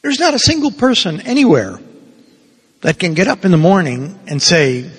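A priest in his sixties giving a sermon, playful and animated, acting out little quotes as he goes. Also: high voice, normal speed, slightly rough. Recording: reverberant hall.

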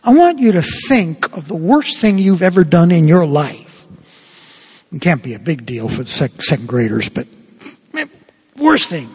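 A man's voice: moderate pace, husky, long reverb tail. A priest telling a story in a sermon, acting out the dialogue with big swings in his voice. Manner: animated, acts out dialogue with big pitch swings.

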